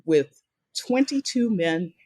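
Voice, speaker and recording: A woman's voice: fairly low pitch, expressive, takes it slowly, dark tone, dry recording. An older woman, a guest on a podcast, tells stories from her career and acts out the voices of the people she quotes. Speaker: guest speaker and author. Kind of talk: storytelling in a podcast interview.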